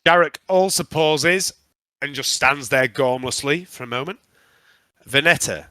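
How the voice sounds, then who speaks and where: A man running a tabletop game as game master, narrating with frequent um pauses. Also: mid-range voice, expressive, bright, forceful tone, no echo.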